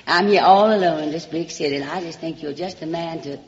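This comedy host's voice is deep, slightly mellow, and a touch fast as she performs a drawling, theatrical comic monologue for a radio show. She has a Southern American accent and coyly addresses everyone as darling, all captured on a dull old broadcast in a reverberant hall.

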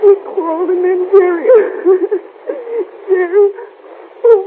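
A woman's voice: very high voice, takes it slowly, a little hiss or hum. An actress in a 1930s radio serial playing a distraught young woman who sobs and pleads breathlessly, on a tinny old recording. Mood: sobbing.

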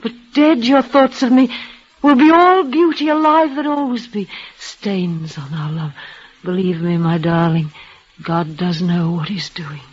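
An actress playing a dying young woman in a vintage radio drama, speaking in a breathless, halting, tremulous way. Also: on the high side. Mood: resigned. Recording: dull old radio recording.

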